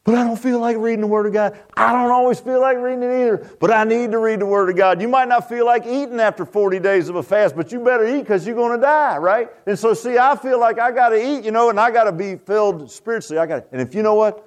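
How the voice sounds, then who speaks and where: A man preaching a Baptist sermon in a folksy, animated way, often stammering and restarting. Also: high voice, fast talker, hardly any pauses. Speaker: Baptist pastor.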